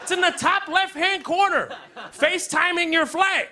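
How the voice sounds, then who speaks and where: A man performing stand-up, telling a story and acting out the exchanges in an animated way. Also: very high voice, normal speed. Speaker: stand-up comedian. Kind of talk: stand-up routine. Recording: live comedy club crowd audible. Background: audience laughter.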